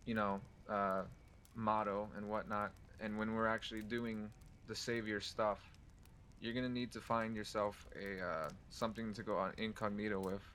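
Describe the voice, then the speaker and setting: Low-voiced man in roleplay chat. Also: fairly bright tone, a little hiss or hum. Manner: halting, searching for words. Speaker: roleplay player in character. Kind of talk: casual in-character roleplay chat.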